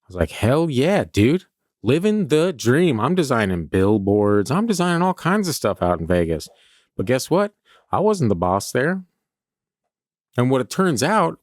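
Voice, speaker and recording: A man's voice: lowish voice, sing-song, moderate pace, dry recording, clean studio sound. A man from California hosting a comedy podcast, rambling through a self-mocking stream-of-consciousness monologue. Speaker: podcast host.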